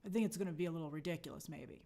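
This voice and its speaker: A woman's voice: deep voice, rapid-fire, creaky, dark tone. A young adult woman hosting a casual review show, reading viewer comments aloud and acting out quotes in playful voices. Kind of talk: casual live chat review.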